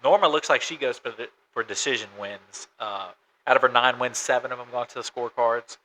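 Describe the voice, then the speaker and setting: A man with a bright, tense voice at a mid pitch co-hosts a casual sports podcast. He lays out records and odds in a matter-of-fact way. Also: steady tone, fairly quick, poor audio. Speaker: podcast co-host.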